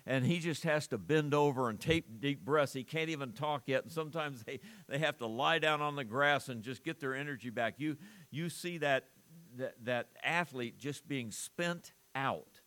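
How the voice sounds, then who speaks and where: A man's voice: mid-range voice, moderate pace, fairly bright tone. A male pastor preaching an earnest sermon, asking the congregation rhetorical questions and often restarting his phrases.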